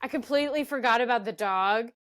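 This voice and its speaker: A woman's voice: a little high, brisk, a bit bright. A woman from Kentucky co-hosting a podcast, chatting casually and often stopping to restart her sentences. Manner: chatty, self-interrupting. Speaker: podcast co-host. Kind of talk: casual chat.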